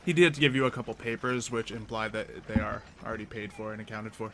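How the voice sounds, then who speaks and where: A man's voice: lowish voice, quick pace, a little hiss or hum. A man narrating a tabletop game as game master, in a loose style full of fillers.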